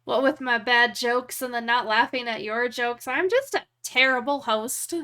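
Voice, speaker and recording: A woman's voice: fairly high pitch, bright, forceful tone, smooth. A young woman streaming live, chatting casually and joking at her own expense. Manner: joking, self-deprecating, quick laughs.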